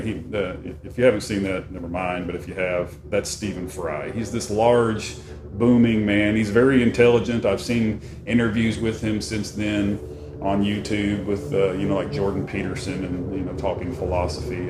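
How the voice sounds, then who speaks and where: A man leading a church study lesson, talking in a conversational, halting way with frequent restarts. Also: on the low side. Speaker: Bible study teacher. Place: church meeting room. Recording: roomy room with faint background noise.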